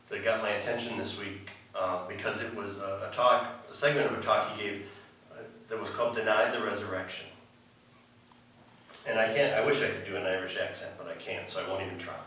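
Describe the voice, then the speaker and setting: A man's voice: fairly low pitch, brisk, pushed and bright, very echoey, recorded from a distance, rough recording. A man preaching a sermon in a loose, conversational way, full of restarts and asides. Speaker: pastor. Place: church sanctuary.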